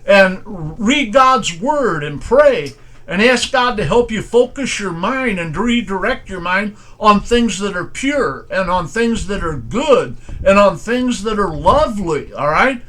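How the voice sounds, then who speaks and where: A pastor giving an informal, conversational sermon in plain, folksy speech, asking strings of rhetorical questions. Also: male voice, high-pitched, lively intonation, slow, a bit bright. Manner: plain everyday grammar.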